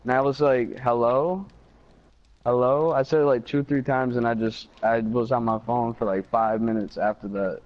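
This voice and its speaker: A man's voice: medium pitch, fairly even intonation, normal speed, few pauses. A young man from Michigan telling a story casually over a game headset, with fillers and swearing. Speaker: gamer chatting on a live stream. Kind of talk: casual chat. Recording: slightly dull party-chat audio.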